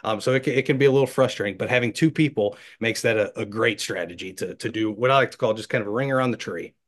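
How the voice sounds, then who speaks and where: A man with a Midwestern American accent teaching squirrel hunting in a webinar, lively and imitating animal footsteps. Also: fairly low pitch, fast. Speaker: hunting instructor.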